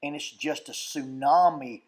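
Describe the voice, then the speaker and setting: Lebhafter Mann, der Anekdoten erzählt. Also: male voice, a little high, a little slow. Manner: animated storyteller who reaches for fancy words. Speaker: skit troupe member on a panel. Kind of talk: casual chat.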